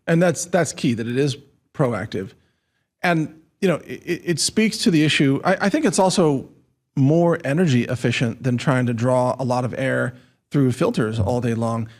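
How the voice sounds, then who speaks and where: A man's voice: medium pitch, moderate pace, a little mellow. A man hosting an interview, thinking aloud and restarting his words as he asks questions. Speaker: interview host. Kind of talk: interview conversation.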